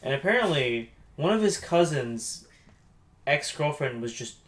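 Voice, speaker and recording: A man's voice: a little high, big pitch swings, measured pace. A man co-hosting a podcast, chatting casually with crude jokes. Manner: crude, joking. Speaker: podcast co-host. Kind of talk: casual chat.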